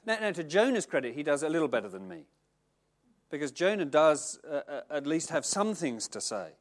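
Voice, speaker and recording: A middle-aged man preaching a sermon in a conversational, self-mocking, animated way. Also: fairly high pitch, fairly quick. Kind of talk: sermon with Bible reading.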